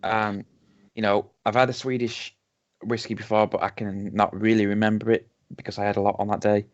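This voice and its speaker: Man, low-pitched, hesitant rambling, casual whisky chat, muffled lo-fi sound. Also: flat delivery, a little fast. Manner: rambling, hesitant, many restarts and ums. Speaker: podcast co-host. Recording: dull lo-fi home podcast recording.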